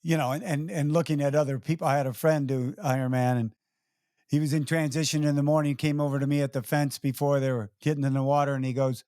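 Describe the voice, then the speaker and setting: A man's voice: on the high side, little pitch movement, fast talker, dark tone, clean tone, no room sound. Male interview host, dry close sound. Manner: laughs easily, retells stories with quoted voices. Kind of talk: casual interview conversation.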